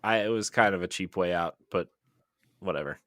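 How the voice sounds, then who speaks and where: A man with a low voice chats enthusiastically on a podcast, rambling with fillers and restarts. His voice sits close and dry, with no room sound around it. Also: fairly quick, a bit bright, no echo. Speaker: podcast co-host. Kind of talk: casual chat.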